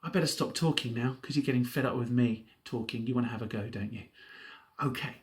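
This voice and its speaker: A man leading a home drama workshop, talking in a lively, playful way and slipping into mock TV-presenter and character voices. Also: mid-range voice, brisk.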